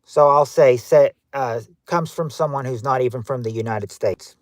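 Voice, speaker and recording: A man's voice: mid-range voice, moderate pace, dry recording. A man from Kentucky with a Southern accent, hosting a casual livestream outdoors and reading viewer chat aloud with lots of restarts. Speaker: livestream host.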